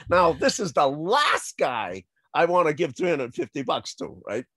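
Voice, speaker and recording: A man, a salesman telling a funny story in an animated way, laughing as he goes and acting out other people's voices. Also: fairly high pitch, a little slow, no echo. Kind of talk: anecdotal storytelling.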